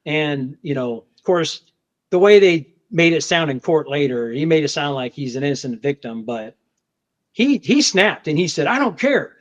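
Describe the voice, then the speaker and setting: Speaking at an ordinary speed with a fairly high pitch, a federal agent relates a confrontation in relaxed conversation. He's animated, often restarts, repeats himself, and dramatizes the shouted quotes. The podcast audio is dull and lo-fi.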